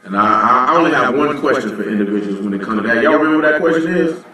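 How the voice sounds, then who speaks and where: Over soft background music, a man with a medium-pitched, expressive voice races through blunt, informal Bible teaching, sounding pushed and bright. He teaches at a religious assembly, often asking "you know what I'm saying," recorded from a distance in a very echoey room.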